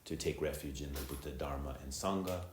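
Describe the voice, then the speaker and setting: A middle-aged man with a very deep voice gives a reflective, unhurried dharma talk. He speaks as a Zen teacher, with frequent ums and uhs. The sound is echoey, from a temple hall with faint ambience behind him. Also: slight background noise. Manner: reflective, unhurried, many filler words.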